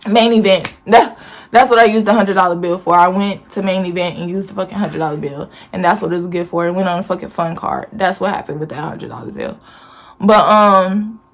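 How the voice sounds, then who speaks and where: A woman recounts a family story straight to camera. Her delivery is blunt, profane and animated, the talk of a casual storytime vlog. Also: medium pitch. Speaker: vlogger.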